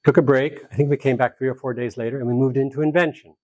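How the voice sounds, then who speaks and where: A man speaking as a conflict mediator at a seminar, telling a story with animated energy and acting out the people in it. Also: mid-range voice, fast talker, dry recording. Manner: animated, acts out quoted dialogue in the story. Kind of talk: storytelling lecture to a live group.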